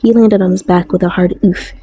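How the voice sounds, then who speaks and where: A woman reading a novel aloud in an even, measured way. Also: mid-range voice, breathy edge, dry recording, rough recording. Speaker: audiobook narrator. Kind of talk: scripted narration.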